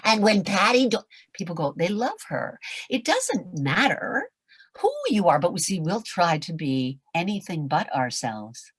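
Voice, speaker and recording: An older woman with a raspy, nasal voice coaches voice actors with passionate, dramatic intensity. She swings from loud declarations to near whispers. Her tone sits low and husky, recorded dry with no room sound. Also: big pitch swings, a little slow, no room sound. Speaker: guest, voice acting coach. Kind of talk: motivational talk on a video call.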